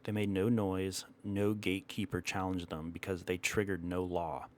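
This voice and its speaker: A man telling an old myth in a measured, dramatic way, stopping now and then to correct himself. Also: sits low, flat delivery. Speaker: storyteller. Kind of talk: storytelling narration of a myth.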